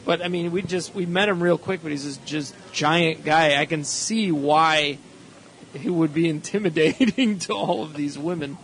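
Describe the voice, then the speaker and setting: A man with a slightly raised pitch tells loose, rambling stories and drops quick jokes on a comedy podcast. A faint hiss of background noise sits under the recording. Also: a bit bright, poor audio. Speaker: podcast co-host. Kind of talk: casual comedy chat.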